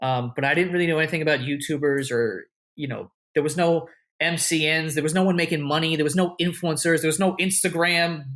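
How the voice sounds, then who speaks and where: A man's voice: on the high side, brisk, fairly bright tone. A man as an interview guest, telling a story in a casual, loose way, full of "like" and "you know", with a lot of swearing. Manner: acts out what others said with a raised voice. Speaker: interview guest, content creator.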